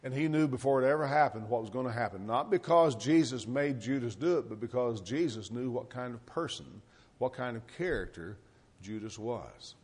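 A man's voice: medium pitch, normal speed, darkish tone, husky. A man preaching a sermon, asking the congregation rhetorical questions and letting his voice rise and fall. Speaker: pastor.

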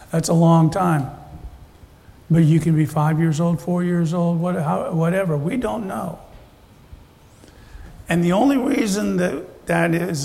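Male preacher, slightly high voice with gravel, conversational sermon delivery, big hall reverb. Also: darkish tone. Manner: conversational preaching with rhetorical questions. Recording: long reverb of a large hall.

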